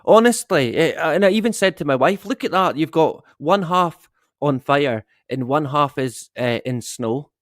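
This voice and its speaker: A man's voice: on the high side, lively intonation, measured pace, dry recording, clean studio sound. A middle-aged man hosting a casual live stream, rambling and swearing with the odd chuckle. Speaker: livestream host.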